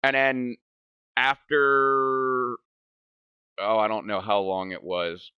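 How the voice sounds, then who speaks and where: A man's voice: mid-range voice, flat delivery, slow, clean tone, dry recording, dull audio. A man hosting a gaming channel, telling a story in casual chat. He rambles, swears a lot and keeps saying "like". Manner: rambling, profane, fills speech with "like".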